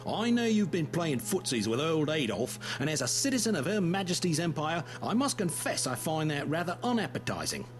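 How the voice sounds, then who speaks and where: Brash Cockney spy. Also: male voice, a little high, very animated, a little fast, few pauses, a little hiss or hum. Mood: cocky, blustery. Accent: Cockney (put on). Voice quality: exaggerated stagey Cockney, cocky and blustery. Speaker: game voice actor. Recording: game audio with loud music behind.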